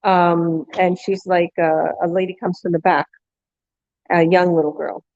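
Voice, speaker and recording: A woman's voice: fairly low pitch, flat delivery, unhurried, a little mellow, lo-fi sound. A woman vlogger casually telling a long story, rambling with restarts and quoting people along the way. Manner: rambling anecdote with restarts and acted-out quotes.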